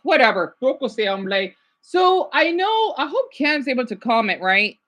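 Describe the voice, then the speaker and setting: A woman's voice: high-pitched, big pitch swings, normal speed, a bit bright. A woman vlogger chatting casually about learning languages, rambling and hesitant, often checking in with "right?".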